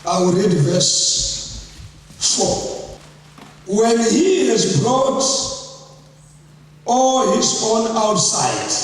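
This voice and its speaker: Male preacher, high lively voice, slow delivery with shouted peaks, distant and reverberant. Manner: call-and-response preaching; bursts into shouting. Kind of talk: sermon. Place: church hall. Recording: echoey hall, far from the mic.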